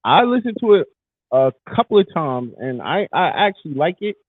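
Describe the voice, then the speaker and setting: A man's voice: fairly high pitch, very animated, moderate pace, husky, no echo. A man co-hosting a casual podcast chat, talking in a hyped, emphatic way. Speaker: podcast co-host. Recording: tinny phone-like sound.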